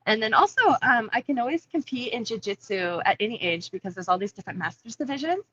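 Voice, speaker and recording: A woman's voice: fairly high pitch, expressive, quick pace, pushed and bright, highs cut off, slight background noise. A woman in her thirties, a fighter chatting casually as a guest on a video call from a coffee shop, laughing easily. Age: 30s. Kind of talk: casual interview.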